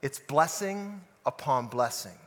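Bright-voiced pastor preaching in a reverberant hall. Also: male voice, mid-range voice, expressive, takes it slowly. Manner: storytelling with rhetorical questions to listeners. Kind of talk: sermon podcast.

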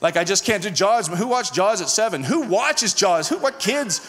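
A man preaching a sermon, telling a personal story in an animated way and acting out his own lines with a raised voice. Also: high voice, moderate pace. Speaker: pastor. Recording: long hall reverb.

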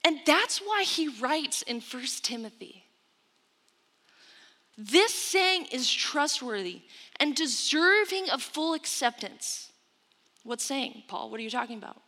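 A woman's voice: high-pitched, very animated, slow, bright, forceful tone. A woman preaching a sermon, retelling scripture with emphatic storytelling and quoted asides. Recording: long hall reverb.

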